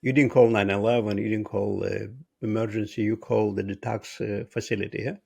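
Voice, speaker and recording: A male interviewer with a gravelly, husky voice. He chats casually and asks eager follow-up questions, checking he has understood. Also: lowish voice, level tone, a little fast, a little mellow. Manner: curious, asks follow-up questions, light laughs. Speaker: interview host. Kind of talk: conversational interview.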